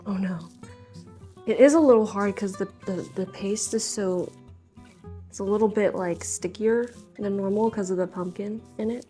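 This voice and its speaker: A woman's voice: medium pitch, normal speed, dark tone, faint music behind. A young woman chatting casually to camera while baking in her home kitchen, talking to herself and a bit flustered. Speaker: home baker vlogger. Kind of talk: casual baking vlog chat.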